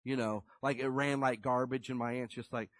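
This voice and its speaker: A man's voice: mid-range voice, normal speed, dry recording. Folksy preacher man, dry close sound. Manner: folksy, animated storytelling with acted-out quotes. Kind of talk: conversational sermon.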